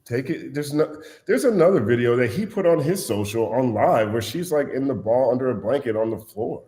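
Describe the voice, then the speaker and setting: A man's voice: mid-range voice, a little fast. A man talking bluntly and animatedly as a podcast guest in casual chat. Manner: animated, blunt storyteller, puts on voices when quoting.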